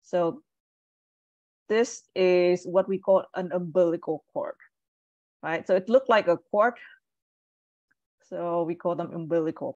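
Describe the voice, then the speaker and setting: A woman's voice: lowish voice, a little slow, long pauses, a little mellow, no echo. A woman teaching medical English on a video call, patiently correcting pronunciation and praising students. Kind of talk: online class instruction. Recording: muffled dry video call audio.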